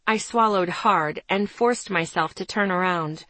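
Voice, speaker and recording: A woman reading a first-person story aloud in a soft, intimate, low-key way. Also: measured pace, dry recording. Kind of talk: first-person audiobook narration.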